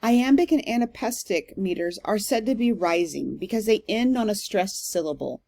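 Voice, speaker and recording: A woman, a literature instructor, giving a recorded online lecture in an explanatory, steady way with frequent ums. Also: mid-range voice, moderate pace, vocal fry.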